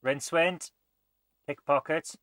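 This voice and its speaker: A man hosting a let's play, thinking aloud and muttering as he tries things, often trailing off quietly. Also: on the high side, steady tone, slow, no room sound. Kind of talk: gameplay commentary.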